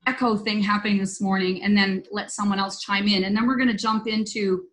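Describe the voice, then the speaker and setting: A woman's voice: medium pitch, level tone, a little fast, a bit bright, poor audio. A woman hosting a spiritual roundtable over a video call, telling a story in an earnest, loose, conversational way. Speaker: host.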